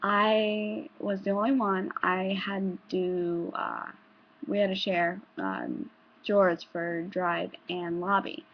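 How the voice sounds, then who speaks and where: A woman's voice: medium pitch, animated, slow pace. A young woman vlogger telling stories in a rambling, casual way, with restarts and some swearing, in a dull lo-fi home recording. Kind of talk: casual storytelling.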